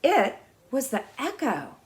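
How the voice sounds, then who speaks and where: A woman voicing a wise, calm old male beaver in a storybook reading, explaining gently and patiently. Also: sits high, slow pace, slight background noise, pitched above the performer's own voice, heavily acted. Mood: gentle.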